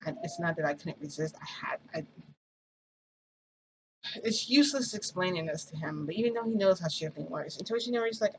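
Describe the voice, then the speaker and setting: A woman's voice: deep voice, lively intonation, brisk, low-quality recording. Woman vlogger rambling thru a dramatic story, lots of "like" and "okay?", faint room hum behind. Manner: rambling, dramatic, many fillers and asides. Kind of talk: casual storytelling about a shifting experience.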